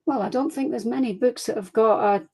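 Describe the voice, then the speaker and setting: A woman's voice: on the high side, fairly quick, husky, low-quality recording. Chatty Scottish woman author. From Scotland. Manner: chatty, animated storyteller, laughs easily. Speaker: crime fiction author guest. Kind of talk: casual interview chat.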